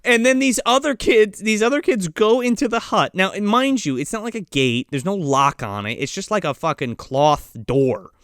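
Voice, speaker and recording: A podcast co-host rambles through a movie recap, swearing freely and trailing off into fillers. The pitch moves in a lively way, and the recording is dry and close. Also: normal speed, hardly any pauses, no echo. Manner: rambling, profane, full of fillers and acted-out quotes. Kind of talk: casual movie recap chat.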